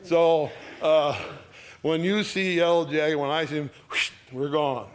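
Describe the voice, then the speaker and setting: A man preaching a verse-by-verse sermon in casual, homespun speech, checking in with "all right?" and reading scripture louder and quicker than his comments. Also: on the high side, steady tone.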